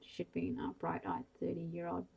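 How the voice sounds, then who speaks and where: A woman reading a bedtime story aloud in a soft, hushed ASMR style, slow and gentle. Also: lowish voice, completely flat delivery, gravelly, noisy background.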